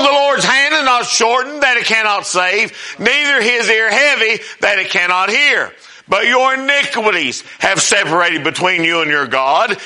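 An older man preaching a sermon, telling folksy stories and swinging between soft asides and loud emphasis. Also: high voice. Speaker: pastor.

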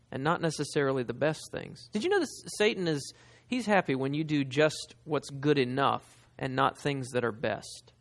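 A man preaching a sermon, talking straight to his listeners and reading scripture slowly and with weight. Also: on the high side, a bit bright. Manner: reads scripture slowly and with emphasis, talks to listeners directly.

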